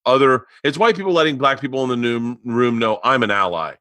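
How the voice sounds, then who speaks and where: A man in his forties hosting a podcast, telling an animated story in casual chat with plenty of swearing. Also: medium pitch, brisk, no echo. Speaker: podcast host.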